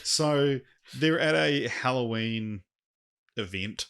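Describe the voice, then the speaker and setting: A man's voice: mid-range voice, takes it slowly, a bit bright, clean tone. A man co-hosting a podcast, retelling a story in casual chat with many false starts. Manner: rambling storyteller with many restarts. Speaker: podcast co-host.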